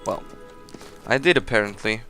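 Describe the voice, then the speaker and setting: A man's voice: fairly low pitch, normal speed, vocal fry, pushed and bright, soft background music. A man giving casual let's play commentary as he plays, chatty and rambling, often laughing at himself. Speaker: gameplay commentator.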